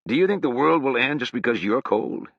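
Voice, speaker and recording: A man's voice: medium pitch, animated, a little fast, creaky, slightly rough, dry recording, pitched above the performer's own voice. A man voicing a blunt, plainspoken young man in a slightly raised voice, for an audiobook. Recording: dull, dry sound.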